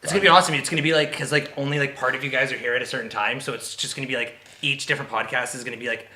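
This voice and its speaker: Bright-voiced hyped man, echoey room. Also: mid-range voice, steady tone, racing. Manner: hyped, riffing, laughing. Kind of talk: casual chat.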